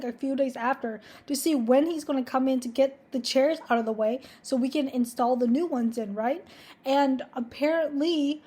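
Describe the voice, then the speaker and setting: A woman's voice: high voice, a little mellow. A young woman telling a story to camera in a casual, chatty way, swearing freely and filling her talk with "like". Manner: chatty, profane, heavy use of 'like'. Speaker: vlogger.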